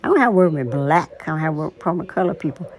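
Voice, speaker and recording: A woman in her sixties talking in a casual vlog monologue, deliberate, emphatic and opinionated. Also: low-pitched, expressive, a crowd in the background. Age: 60s. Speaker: vlogger.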